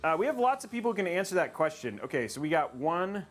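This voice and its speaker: A man's voice: high-pitched, very animated, fast talker, faint music behind. A man hosting a casual livestream, chatting with viewers and laughing often while he builds a computer.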